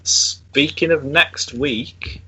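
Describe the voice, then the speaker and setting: A man's voice: on the high side, very slow, sharp tone, breathy edge, rough recording. A man co-hosting a podcast, wry and a bit hesitant in casual banter. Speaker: podcast co-host.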